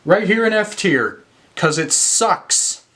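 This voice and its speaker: A man's voice: high-pitched, big pitch swings, slow, bright, forceful tone. Exasperated young man ranting about movies. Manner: exasperated, swears, many fillers. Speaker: movie reviewer. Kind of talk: casual ranking rant.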